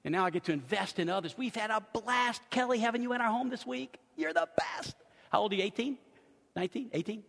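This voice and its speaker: An older man, a pastor, preaching a sermon and telling family stories with lively, acted-out moments. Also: high voice, fast, gravelly, big-room sound. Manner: animated storytelling, acts out loud screams.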